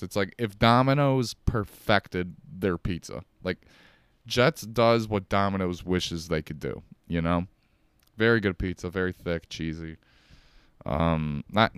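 A man's voice: low voice, smooth, dry recording. A man hosting a solo podcast from his couch, rambling in a laid-back, profane way. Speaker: podcast host. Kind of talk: casual solo podcast rant. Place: home couch.

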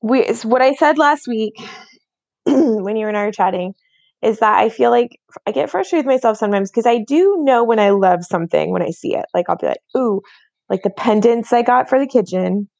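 A woman's voice: fairly high pitch, lively intonation, brisk, creaky, a little mellow, no room sound. A woman in her thirties co-hosting a podcast, chatting casually and filling her talk with "like". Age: 30s. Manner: chatty, lots of "like" fillers. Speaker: podcast co-host. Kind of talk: casual chat.

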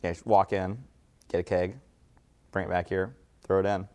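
Casting: man with a very low voice, relaxed, explains things in casual chat. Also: moderate pace.

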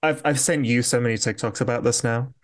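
Podcast co-host: man, campy and animated, acts out quotes. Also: mid-range voice, brisk, over a noisy crowd. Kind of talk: casual chat.

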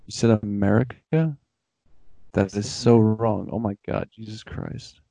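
A man's voice: on the low side, steady tone, vocal fry, mellow, no echo. A man hosting a casual podcast trivia game, teasing the others and swearing freely when they get answers wrong. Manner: teasing, profane, quick to mock wrong answers. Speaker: podcast host reading trivia questions.

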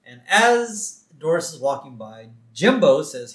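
A man's voice: fairly high pitch, very animated, measured pace, a bit bright. A man co-hosting a podcast, recapping an episode in an easygoing way with wry asides. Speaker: podcast co-host.

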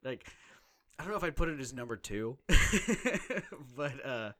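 A man casually chatting on a podcast, animated and profane, getting emotional as he retells stories. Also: mid-range voice, brisk. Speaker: podcast co-host.

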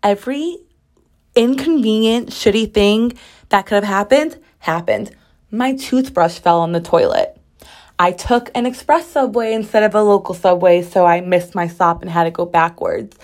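A young woman talks through her week on a solo podcast. Her talk is loose, chatty and sassy, full of "like" fillers and mock exasperation. The pitch sits in a middle range for a woman. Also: moderate pace, a little mellow. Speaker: podcast host. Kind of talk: casual solo podcast chat.

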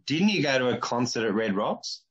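A man's voice: medium pitch, very animated, a little fast, a bit bright, slightly rough, highs cut off. A man in his forties with an Australian accent, hosting a casual podcast interview with blunt, crude teasing. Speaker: podcast host.

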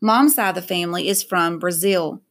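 A woman reads a novel aloud in a steady, even voice. Her pitch sits a little low and her narration keeps a plain, unhurried flow. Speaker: reader.

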